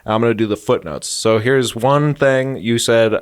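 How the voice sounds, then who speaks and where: A man's voice: mid-range voice, normal speed, smooth, no echo. Man in his thirties, podcast co-host, rambling comic storyteller, dry mic. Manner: rambling storyteller, jokey asides. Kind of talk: casual comedic chat.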